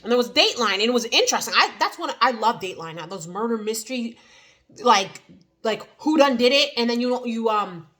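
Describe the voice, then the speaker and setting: Bright-voiced rambling New Jersey woman. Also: on the high side, expressive, fairly quick. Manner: rambling, many fillers and restarts. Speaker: vlogger. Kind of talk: casual eat-and-chat vlog.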